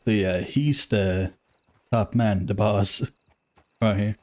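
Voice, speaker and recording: A man playing along in a western role-play game, speaking in an easygoing, drawn-out way. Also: lowish voice, steady tone. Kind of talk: casual in-character role-play chat.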